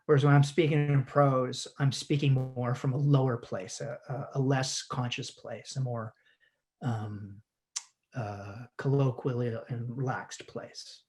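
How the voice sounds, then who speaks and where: A man's voice: mid-range voice, fairly even intonation, a little slow, darkish tone. A man, a guest actor, explaining ideas in a conversational teaching chat over a video call, with frequent restarts and repeated words.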